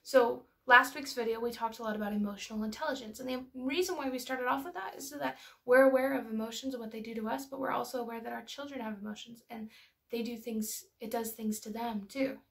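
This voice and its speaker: Chatty mother teaching parents, fry-heavy, slightly high. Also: fairly even intonation, fast, fairly bright tone. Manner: chatty, storytelling, lots of filler words. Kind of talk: casual educational talk.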